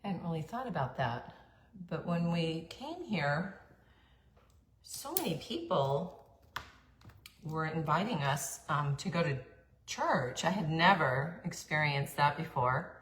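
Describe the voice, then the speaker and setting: Low-voiced woman telling stories casually. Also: animated, fairly bright tone. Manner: chatty, with fillers, throat-clearing and quick asides. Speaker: vlogger telling her life story. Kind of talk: casual storytelling monologue. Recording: echoey room, faint background hum.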